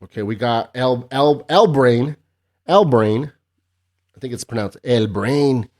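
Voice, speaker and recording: A man's voice: on the low side, darkish tone. Profane, rambling male podcast host. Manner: profane, rambling, sarcastic ranting. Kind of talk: casual solo podcast chat.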